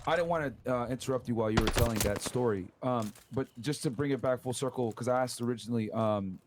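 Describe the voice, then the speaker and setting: Male host, casual and halting, heavy background noise. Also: mid-range voice. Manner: casual, hesitant with fillers. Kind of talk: casual chat.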